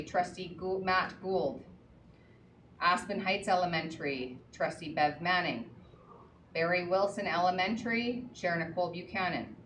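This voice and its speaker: Woman, board chair, brisk and orderly, lowish voice, echoey room heard from a distance. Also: fairly bright tone. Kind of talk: meeting chairing, reading a list. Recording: echoey room, far from the mic, faint noise.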